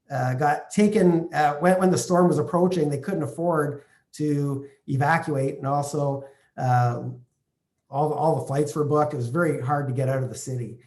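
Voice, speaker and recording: Speaking to camera, a male real estate investor from Canada shares a personal story in fits and starts, full of restarts and filler words. His voice runs fairly high with a slightly mellow quality.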